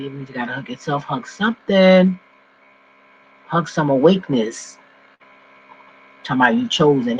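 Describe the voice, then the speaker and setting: A man ranting casually and profanely to his viewers from home, swinging between loud outbursts and low mumbling. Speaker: vlogger. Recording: dull lo-fi recording with faint mains hum.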